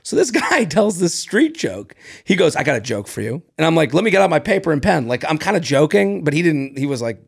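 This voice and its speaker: This man's voice is fairly high, a little fast, and gravelly with a slightly rough edge. Co-hosting a podcast in casual chat, he tells stories with lots of energy, acting out other people's voices, swearing freely, and laughing often.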